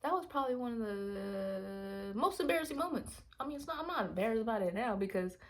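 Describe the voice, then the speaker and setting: A woman vlogger casually telling a rambling personal story, acting out her own reactions in hushed asides. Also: fairly high pitch, a little fast. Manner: animated, rambling, quotes herself in hushed asides.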